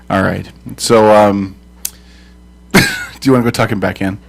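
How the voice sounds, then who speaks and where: A man's voice: on the low side, steady tone, takes it slowly, creaky, a bit bright. A man co-hosting a casual online call-in chat, teasing the others and laughing often. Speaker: co-host.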